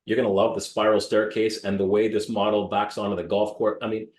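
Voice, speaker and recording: A man in his thirties from Canada, a real estate broker telling blunt, lively stories in an interview and mimicking the people in them. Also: on the low side, brisk. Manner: blunt, animated, mimics voices in anecdotes. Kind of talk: interview storytelling. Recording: roomy echo.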